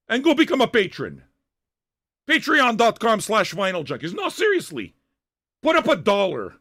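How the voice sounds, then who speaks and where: An older man with a high, gravelly voice, swearing loudly as he rants at his chat. His pitch leaps all over the place and his tone is sharp and tense. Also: wildly swooping pitch, moderate pace. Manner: loud, swearing, half-shouting tirades. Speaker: livestream host reacting to music. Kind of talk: profane rant at chat viewers.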